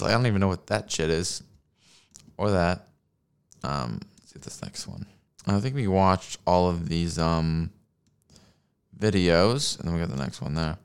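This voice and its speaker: Sitting at his desk with a streaming mic and mixer, a man swears his way through a sarcastic rant about the videos he's watching, laughing at his own jokes. His voice is on the low side, clear and resonant.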